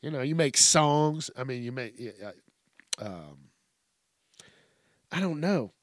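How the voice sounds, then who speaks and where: A man's voice: medium pitch, lively intonation, slow, no echo, clean studio sound. A man hosting a solo podcast, rambling casually with a lot of swearing and laughing at his own tangents. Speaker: podcast host.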